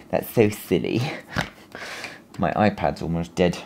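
Low-voiced man thinking aloud. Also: lively intonation, takes it slowly, creaky, darkish tone. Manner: thinking aloud, rambling with self-corrections. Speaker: vlogger. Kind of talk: casual vlog talk. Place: small home office cubby, indoors.

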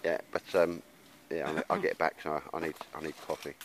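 Deep-voiced bloke vlogging outdoors. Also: male voice, level tone, brisk, a little hiss or hum. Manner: blokey, rambling, says "mate" a lot. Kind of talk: casual chat to camera in the woods. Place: woodland outdoors. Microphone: handheld camera.

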